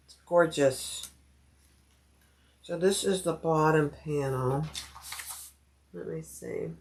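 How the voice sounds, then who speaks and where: A woman with a low, gravelly voice talks slowly with long pauses while hosting a sewing livestream. She chats casually, thinks aloud as she cuts out fabric pieces, and greets viewers by name.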